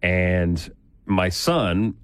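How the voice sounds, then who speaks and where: A man co-hosting a morning radio show, telling a story in a relaxed, chatty way and laughing easily. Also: low-pitched, extremely slow, clean tone, no echo. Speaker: radio co-host. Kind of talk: casual morning radio chat.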